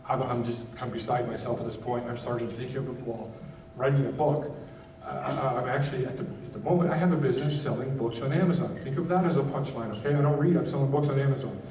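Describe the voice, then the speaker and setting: Guy telling his story at a gala, halting and earnest, dark-ish voice, echoey hall, a bit off mic. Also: distant mic. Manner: halting, earnest, many restarts and fillers. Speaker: nonprofit founder giving a keynote. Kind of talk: personal testimony speech. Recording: roomy hall sound from off mic, faint rumble.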